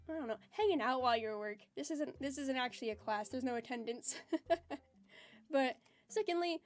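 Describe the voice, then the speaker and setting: High-voiced giggly woman streamer. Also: a little mellow. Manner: giggly, chatty, reads chat messages aloud; self-described low-energy and introverted. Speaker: streamer chatting with live chat. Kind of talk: casual livestream chat.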